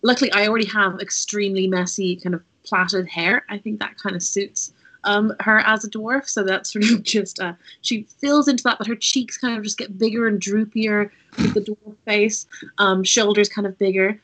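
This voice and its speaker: A woman's voice: mid-range voice, steady tone, moderate pace, a bit bright, poor audio. A woman playing in a tabletop game, hedging and giggling as she chats casually. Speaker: player. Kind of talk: casual chat.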